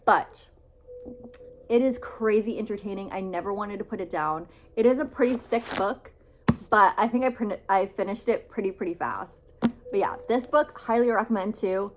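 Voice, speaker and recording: A young woman talking casually and excitedly about books she loved, full of "like"s and repeated words. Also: medium pitch, normal speed, slight background noise. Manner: gushing, filler-heavy with many "like"s and repeats. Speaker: book vlogger. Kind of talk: casual book review vlog.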